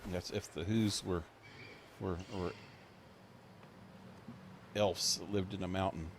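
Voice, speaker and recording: A low-voiced man drawls through his game commentary at an unhurried pace, tossing out crude wisecracks as he plays. The stream audio is noisy, with game sounds running underneath. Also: fairly even intonation. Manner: joking, crude wisecracks while playing. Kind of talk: casual gameplay commentary.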